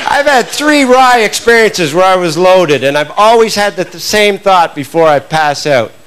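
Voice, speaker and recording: A stand-up comedian spins stories in a fairly high voice with punchy timing. He works a handheld mic on a club stage. A steady wash of noise sits under the recording. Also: normal speed, crowd noise. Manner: storytelling, punchy, animated delivery.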